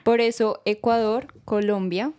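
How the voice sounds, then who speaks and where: A woman's voice: a little high, moderate pace, a little mellow, clear, resonant tone. A South American woman, a Spanish native speaker, giving short replies on a casual podcast. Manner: brief replies, mostly in Spanish. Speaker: podcast guest.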